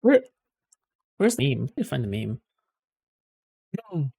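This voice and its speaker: A woman's voice: a bass voice, sing-song, measured pace, vocal fry, dark tone, husky, dry recording, studio quality. A woman streaming casual reaction commentary, blunt and swearing freely, laughing often.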